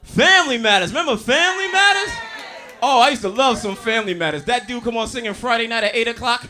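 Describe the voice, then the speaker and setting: A man doing a stand-up comedy set, telling loud, animated, profane stories and working the crowd. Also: extremely high pitch, brisk. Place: comedy stage before a live audience. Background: audience laughter.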